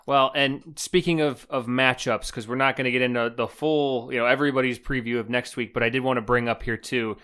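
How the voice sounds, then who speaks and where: A man's voice: mid-range voice, steady tone, brisk, few pauses, pushed and bright, clean tone. A man co-hosting a casual sports podcast, wry and joking as he talks. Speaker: podcast co-host.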